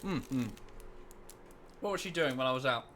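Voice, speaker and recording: Bright, animated man on a headset. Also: medium pitch, normal speed, a little hiss or hum. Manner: animated storytelling, swears freely. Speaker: streamer. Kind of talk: casual voice-chat banter.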